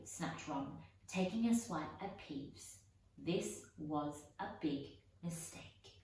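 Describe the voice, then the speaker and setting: A woman reads a storybook aloud in a measured, unhurried manner. Her voice sits a little low, and she sounds far from the mic, with a heavy echo around her. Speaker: audiobook reader. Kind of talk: storybook narration. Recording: echoey room, voice from far off.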